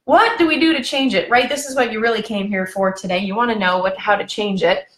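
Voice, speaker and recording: A woman coaching on relationships in a live video session, talking in a chatty, animated way and laughing as she goes. Her voice sits at a middle pitch. The room around her is echoey, as on a webcam or phone stream. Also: quick pace.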